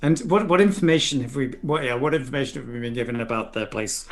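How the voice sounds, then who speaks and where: A man at a tabletop game makes dry, wry remarks at a mid-range pitch. His tone is casual and plain. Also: fast. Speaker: player. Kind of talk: casual tabletop role-play.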